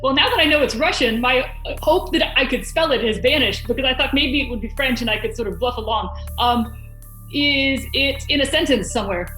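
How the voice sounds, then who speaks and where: A woman jokes and argues her way through a spelling word on a video call. Her voice is high and the room sounds echoey, with faint music underneath. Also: pushed and bright. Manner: joking, argues her case quickly. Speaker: columnist contestant.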